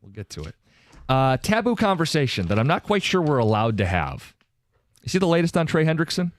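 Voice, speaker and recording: In a studio, a sports talk radio host briskly reads listener texts and news statements aloud. His voice is on the high side, with a sing-song lilt.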